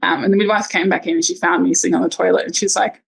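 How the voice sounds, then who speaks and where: A woman's voice: on the low side, fairly even intonation, racing, creaky, few pauses, husky, rough recording. A woman telling her birth story in a casual interview, chatty with lots of ums and likes. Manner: chatty, many ums and likes, acts out quotes.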